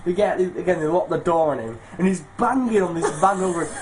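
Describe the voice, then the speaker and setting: A man's voice: high voice, lively intonation, brisk, hardly any pauses. Laughing young Englishman telling a story. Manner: rambling, laughs through his own anecdote, swears freely. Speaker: podcast co-host. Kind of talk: casual chat, storytelling. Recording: noisy home recording.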